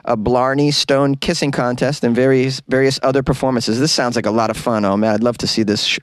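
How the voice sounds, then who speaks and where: A man from Boston hosts his comedy podcast alone, wandering off on jokey tangents and poking fun at himself. His voice sits at an ordinary middle pitch. The sound is dry and close, recorded in a small closet. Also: steady tone, brisk, no echo. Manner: rambling, self-mocking, jokey asides. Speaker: podcast host. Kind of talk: casual comedic monologue.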